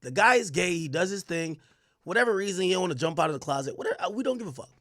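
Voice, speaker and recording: Young dude streaming, reads chat n rants, voice jumps all over, dry sound. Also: male voice, high-pitched, very fast, no echo. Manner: animated, slangy, reads chat aloud and rants. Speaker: livestream host reading chat. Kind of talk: casual livestream commentary.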